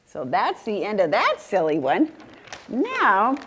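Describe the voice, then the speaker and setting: A woman's voice: mid-range voice, huge pitch swings, takes it slowly, fairly bright tone, slightly rough. A woman reading picture books aloud to a group of young children, playful and sing-song, asking them questions and laughing often. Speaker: children's story time reader.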